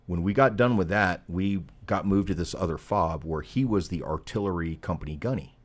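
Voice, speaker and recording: A man's voice: deep voice, normal speed. A middle-aged man telling a casual, profane military anecdote as a podcast guest. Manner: profane, animated anecdote teller. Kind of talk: casual storytelling.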